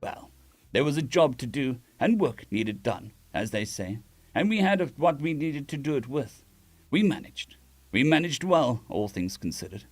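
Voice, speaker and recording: A man's voice: mid-range voice, very animated, moderate pace. A man reading a story aloud on a live stream, with casual restarts and asides to chat.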